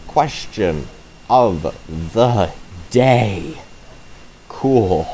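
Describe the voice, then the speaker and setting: Slow-talking, excitable male game streamer. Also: deep voice, a little hiss or hum. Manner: excitable, swears often, reacts loudly to the game. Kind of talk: live gameplay commentary.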